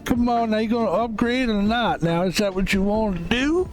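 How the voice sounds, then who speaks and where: A man's voice: high voice, normal speed, soft background music, voice pushed up, close to an everyday voice. A man putting on an over-the-top, charismatic male talk-show host with an exaggerated drawl and showy catchphrases. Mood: hammy.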